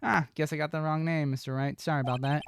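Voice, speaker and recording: A streamer doing a gruff streetwise detective. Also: mid-range voice, fairly even intonation, quick pace, slight background noise, natural voice. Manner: streetwise, calls everyone pal; reading game dialogue aloud. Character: gruff blustering male police detective. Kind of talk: reading a video game's dialogue aloud.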